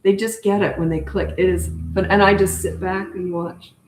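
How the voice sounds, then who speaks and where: A woman's voice: medium pitch, steady tone, moderate pace, reverberant, a little hiss or hum. An older woman and parenting coach answering viewer comments on a live stream, chatty and emphatic, repeating her key points.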